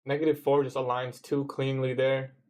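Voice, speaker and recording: A man's voice: mid-range voice, level tone, normal speed, darkish tone. A young man from Canada with a Toronto accent, chatting casually on a trading livestream and answering viewers in laid-back slang.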